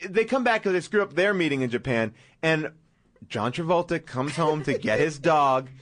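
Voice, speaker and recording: A man's voice: on the high side, expressive, normal speed, a bit bright. Rambling comedic male host. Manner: rambling, full of restarts. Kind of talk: casual comedy chat.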